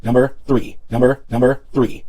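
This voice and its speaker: A man, a dad vlogger, giving mock-serious sarcastic advice and swinging between hushed asides and loud bursts. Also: medium pitch, little pitch movement, normal speed.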